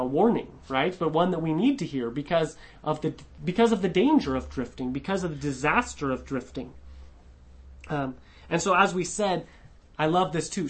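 Preaching an expository sermon verse by verse, a man keeps a conversational tone, often checking in with a questioning "right?" He restarts words and slows down to stress key phrases. His voice sits on the high side.

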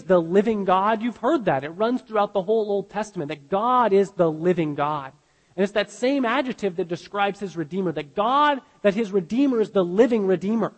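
A man delivers a sermon in an earnest, emphatic way, often stopping to restart a sentence. His voice sits high for a man. The sound rings with the long reverb of a large hall. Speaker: pastor.

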